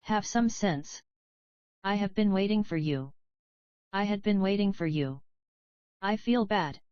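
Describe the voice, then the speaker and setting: Woman reading lesson phrases one by one, very unhurried pace, dull-sounding audio. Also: mid-range voice, a little mellow, clean tone, no room sound. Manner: reads short phrases one by one with pauses. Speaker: English phrase reader. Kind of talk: slow read-aloud phrase drills.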